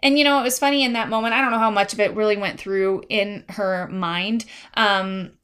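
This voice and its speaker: A woman's voice: mid-range voice, fairly even intonation, a little fast, a bit bright, clean tone. A woman in her thirties hosting a faith-based parenting podcast, talking in an earnest, confiding way and reading scripture aloud. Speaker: podcast host.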